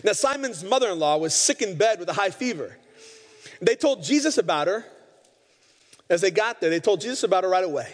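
A pastor whose voice sits high preaches fairly quickly with lively intonation, acting out the quoted lines as he narrates scripture stories. The sermon rings with long hall reverb.

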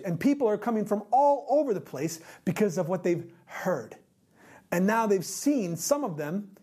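Husky, emphatic preacher. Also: mellow. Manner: emphatic, repeats rhetorical questions, slows down and drops low for key points. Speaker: pastor. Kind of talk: sermon.

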